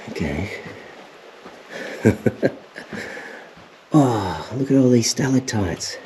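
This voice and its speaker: A young Australian man vlogging as he explores inside a cave, excited and exclaiming often, recorded on an action camera. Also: fairly low pitch, a little hiss or hum. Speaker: outdoor adventure vlogger. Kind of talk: casual exploring commentary.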